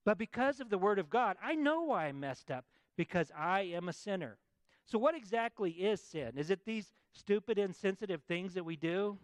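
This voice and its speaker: A man's voice: high-pitched, lively intonation, moderate pace, dry recording. A man preaching a sermon, talking easily with the congregation and asking it to repeat lines back to him. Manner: conversational preaching, asks the congregation to answer back. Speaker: pastor.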